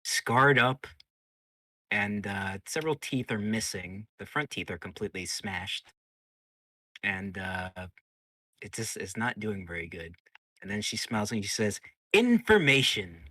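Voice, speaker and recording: A man narrating as game master of a tabletop game in a halting, filler-heavy way. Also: fairly low pitch, pushed and bright, no echo.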